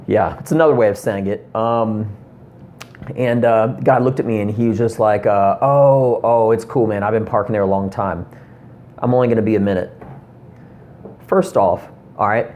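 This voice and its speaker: A man's voice: mid-range voice, darkish tone, a little hiss or hum. A man in his thirties delivering a rambling, profane comedy rant to camera, full of ums and asides. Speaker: comedian vlogger.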